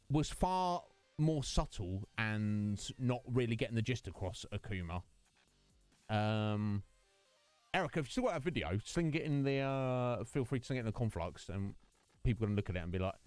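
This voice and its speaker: A man's voice: mid-range voice, no room sound. A man chatting casually with his stream viewers, rambling between topics and greeting them by name. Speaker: game streamer.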